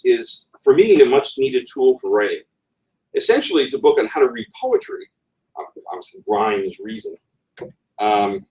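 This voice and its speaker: A conference speaker with a low, darkish voice presents on writing, adding wry asides with a chuckle in his tone. He's captured from far off the mic in a roomy conference room.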